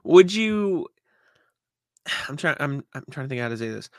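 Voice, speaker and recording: A man's voice: fairly high pitch, sing-song, normal speed, dry recording, clean studio sound. A man co-hosting a casual basketball podcast, easygoing, asking questions and laughing often. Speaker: podcast co-host.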